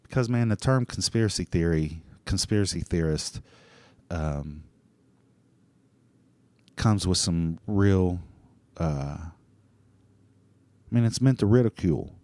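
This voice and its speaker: A man's voice: sits low, lively intonation, takes it slowly, pauses often, dark tone, no echo. A man hosting a solo talk show, rambling in a loose, profane monologue full of restarts and fillers. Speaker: podcast host.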